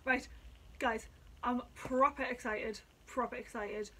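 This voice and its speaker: A woman chatting excitably at home in a casual vlog, sweary and talkative. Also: fairly high pitch, takes it slowly, husky, low-quality recording. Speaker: vlogger reviewing drinks. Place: at home indoors.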